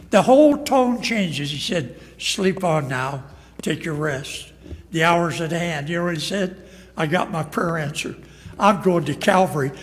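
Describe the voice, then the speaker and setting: High-pitched guy preaching hard in a church, long hall echo. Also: a bit bright. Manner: emphatic preaching, acts out quoted lines. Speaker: pastor. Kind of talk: sermon. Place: church sanctuary.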